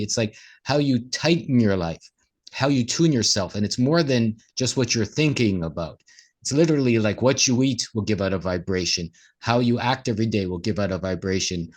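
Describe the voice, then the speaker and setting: A man co-hosting a casual conversation, talking in an earnest, motivational way. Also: medium pitch. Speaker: co-host.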